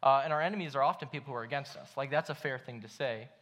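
A man's voice: mid-range voice, racing, a bit bright. A young man giving a casual sermon at church, telling a story in a chatty way with lots of fillers. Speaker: pastor. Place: church hall.

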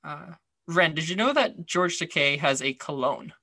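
A man co-hosts a podcast in a loose, rambling chat, full of fillers and restarts. His voice sits a touch high and rings bright, and the recording is dry and close. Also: expressive, moderate pace, dry recording. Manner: chatty, rambling, many fillers. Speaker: podcast co-host. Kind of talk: casual chat.

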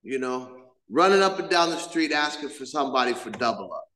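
A man's voice: mid-range voice, very animated, brisk, a bit bright. A middle-aged man giving his personal recovery testimony to a live meeting, telling it loosely and acting out the voices of the people in his story. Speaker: main speaker at a recovery meeting. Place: church meeting hall. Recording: echoey meeting hall.

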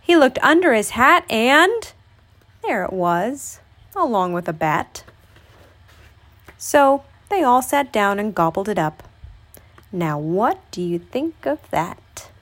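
A woman reading a children's picture book aloud, with an expressive storytelling delivery. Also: on the high side, takes it slowly, long pauses.

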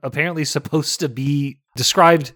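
This man's fairly high, steady, fairly bright voice comes through clean studio sound with no room noise, at normal speed. Co-hosting a podcast, he chats casually about a movie, frequently laughing and performing quotes.

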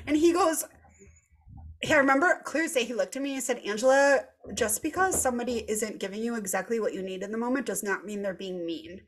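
An animated woman in her thirties tells a story on a casual podcast. Her voice sits a little high. She laughs often and swears freely as she talks. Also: brisk. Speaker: podcast host.

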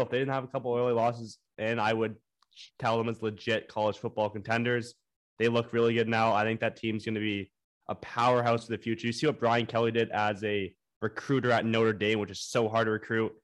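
A young man co-hosting a sports podcast, chatting casually in enthusiastic, opinionated bursts about college football. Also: mid-range voice. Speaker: podcast co-host.

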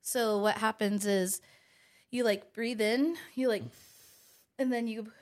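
A young woman singer chats as a podcast guest, playful and a little goofy. She giggles through her answers. Her voice sits fairly high. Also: steady tone, slow pace. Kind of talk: casual chat.

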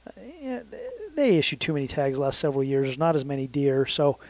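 A man's voice: medium pitch, big pitch swings, fast, no room sound. A man in his thirties telling a long story in a casual, rambling way, correcting himself often and leaning on fillers. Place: southern Utah.

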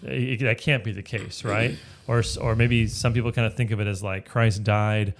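Male Bible teacher, low gravelly voice, conversational and explanatory. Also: fairly even intonation, normal speed. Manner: explanatory, checks in with frequent "right?". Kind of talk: casual Bible study teaching.

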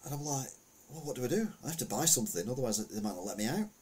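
A middle-aged man talks through the week's news in a loose, chatty way, drifting into stories and side remarks. His voice is husky and sits at an ordinary pitch. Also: sing-song, very fast, a little mellow. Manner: rambling, chatty, anecdotal with asides. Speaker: news commentary host. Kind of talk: casual commentary on the week's news.

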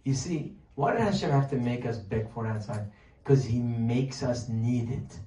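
Male preacher, mellow voice from a distance in a roomy hall, lively rhetorical delivery. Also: medium pitch, moderate pace. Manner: animated, rhetorical questions, acts out pleading voices. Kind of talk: sermon. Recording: distant mic, echoey room, faint noise.

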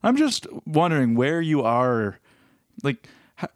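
A man's voice: medium pitch, very animated, unhurried, no room sound, clean studio sound. A man co-hosting a podcast in casual chat, joking and teasing, laughing often. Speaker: podcast co-host.

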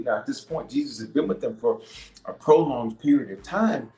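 A man's voice: medium pitch, animated, fairly quick. Emphatic preaching man, roomy echo. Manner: emphatic preacher with big swings from loud to hushed; repeats key lines for emphasis. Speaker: bishop. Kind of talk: preaching a leadership sermon. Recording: roomy echo with faint music.

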